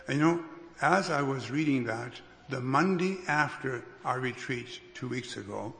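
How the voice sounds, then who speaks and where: A man preaching a sermon as a pastor, unhurried, with restarts and careful emphasis. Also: mid-range voice, expressive, fairly bright tone, a little hiss or hum. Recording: long reverb of a hall.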